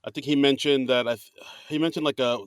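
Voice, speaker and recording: A man's voice: medium pitch, steady tone, quick pace, clean tone, no echo. Rambling podcast co-host man, dry sound. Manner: rambling, lots of fillers, playful. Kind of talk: casual chat.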